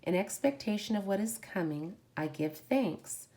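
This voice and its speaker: A woman hosting a live oracle card reading. She is effusive, exclaims and giggles often, and slows down to read the card affirmations aloud. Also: medium pitch, animated, dark tone.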